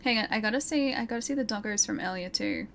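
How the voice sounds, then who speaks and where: A young woman streams a video game, her fairly high, slightly bright voice moving fast against game music and slight background noise. Giving casual gameplay commentary, she chats with her viewers, giggles between lines and reads the chat aloud.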